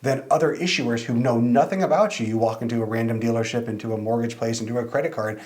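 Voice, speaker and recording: A man's voice: medium pitch, fast talker, darkish tone. A man co-hosting a casual podcast, explaining at length and often saying "like". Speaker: podcast co-host.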